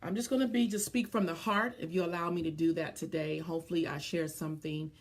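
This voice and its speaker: A woman's voice: fairly low pitch, fairly even intonation, fast. A woman business coach in a live stream, speaking earnestly from the heart to viewers, often stopping to greet them by name, with many ums and restarts.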